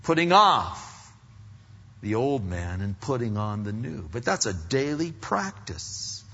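A man's voice: mid-range voice, very animated, slow pace, gravelly, pushed and bright, husky. A man preaching an earnest sermon, often restarting his sentences and acting out inner voices. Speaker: pastor. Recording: dull lo-fi sound with long hall reverb.

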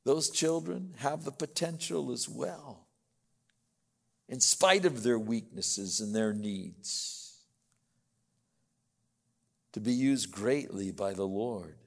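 An older male pastor preaching a sermon, booming on emphatic lines and dropping to soft asides, with a long hall reverb. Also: creaky, slightly rough.

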